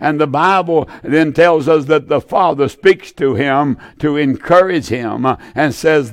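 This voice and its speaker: A man preaching on the radio, reading scripture and stumbling often with fillers and restarts. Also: fairly high pitch. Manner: halting, many fillers and restarts.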